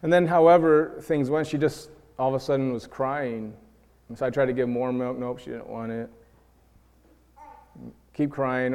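A man's voice: medium pitch, steady tone, moderate pace, long pauses, darkish tone, clean tone. A man in his thirties preaching a sermon in an earnest way, building to emotional peaks. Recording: long hall reverb.

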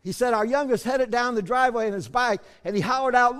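High-voiced preaching man in a reverberant hall. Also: quick pace, smooth. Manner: preaching, swings from soft asides to shouts. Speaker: pastor. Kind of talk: sermon.

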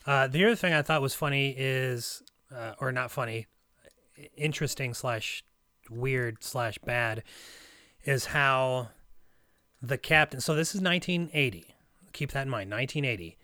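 A man from Russia talks through a film in a loose, analytical way, filling pauses with "um" and "you know" and restarting his sentences. His voice sits at an ordinary pitch, recorded dry and close. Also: pushed and bright, no room sound. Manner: rambling, analytical, many fillers and restarts. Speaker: podcast co-host, movie reviewer. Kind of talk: casual movie discussion.

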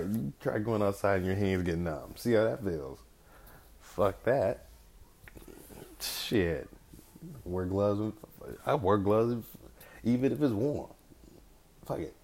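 A man's voice: fairly low pitch, big pitch swings, measured pace, creaky, pauses often, darkish tone. A man hosting a podcast solo in a casual, rambling way, with loose slang and frequent swearing. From California. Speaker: podcast host.

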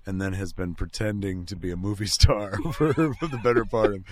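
A middle-aged man co-hosting a podcast, riffing in crude comic banter, profane and loud, slipping into mocking voices. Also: fairly low pitch, brisk. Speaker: podcast co-host.

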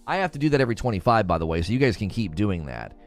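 A man's voice: on the low side, sing-song, rapid-fire. Guy on a livestream reading chat and mocking stuff, voice swinging all over, faint music behind. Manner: sarcastic, mocking ranting. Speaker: livestream host. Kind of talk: live stream commentary reading chat.

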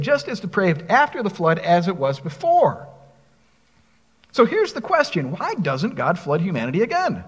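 Male pastor, high and animated delivery, breathy tone, long reverb. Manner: expressive preaching, reads scripture aloud, asks the congregation questions. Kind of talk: sermon.

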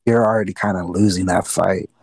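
A man's voice: deep voice, fairly even intonation, fairly quick, gravelly, darkish tone, husky, dry recording. A man co-hosting a podcast in casual chat, rambling on tangents and swearing freely. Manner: rambling, loses his train of thought, swears freely. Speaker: podcast co-host.

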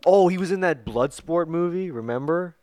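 A man's voice: on the high side, normal speed, a crowd in the background. A man co-hosting a casual podcast chat, joking, swearing and laughing as he goes. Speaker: podcast co-host.

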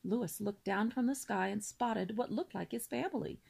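A woman reading a children's novel aloud in a steady storybook manner, with small slips now and then. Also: mid-range voice, moderate pace, creaky, husky. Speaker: reader.

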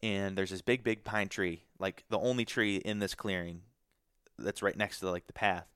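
A man's voice: sits low, fairly even intonation, moderate pace, fairly bright tone, smooth, no room sound, clean studio sound. A young man from Michigan, a podcast guest, telling a hunting story in a casual, rambling way with many fillers and restarts.

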